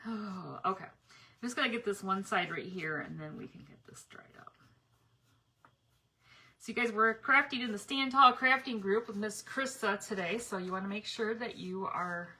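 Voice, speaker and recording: A woman's voice: mid-range voice, moderate pace, bright, forceful tone, slightly rough. A middle-aged woman chatting casually and rambling as she paints a craft project on a home livestream, laughing often. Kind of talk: casual live-stream chat while painting. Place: home yard or garage. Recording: noisy home livestream audio.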